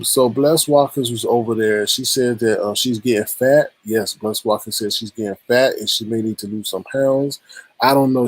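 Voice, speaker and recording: A man's voice: mid-range voice, dry recording, rough recording. A man hosting a live-stream gossip commentary show, teasing and exclaiming as he greets the chat and runs through the night's topics. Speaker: host.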